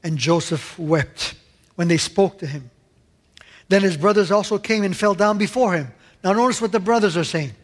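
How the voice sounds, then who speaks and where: A man delivering a sermon in a high, bright-sounding voice, breaking in with quick questions to his listeners. His voice rings with a long reverb from a large hall. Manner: animated, rhetorical asides asking the audience. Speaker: preacher.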